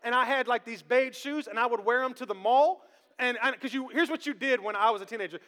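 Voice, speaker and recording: A man in his thirties preaching a sermon to his congregation, joking, animated and often repeating his words. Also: very high-pitched, a little fast. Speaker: pastor. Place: church sanctuary. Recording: live with long hall reverb.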